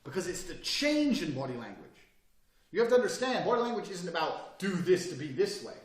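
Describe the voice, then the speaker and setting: Blunt man with a lively voice. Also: high-pitched, a little fast, roomy sound, recorded from a distance. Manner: blunt, profane, swings between loud and quiet. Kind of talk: casual monologue.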